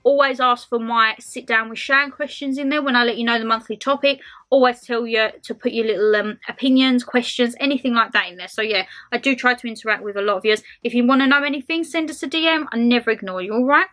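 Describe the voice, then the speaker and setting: A woman's voice: on the high side, fast, hardly any pauses, bright, forceful tone. A woman in her twenties doing a casual, rambling Q&A vlog to camera, calling her viewers her lovelies. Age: 20s. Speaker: lifestyle vlogger.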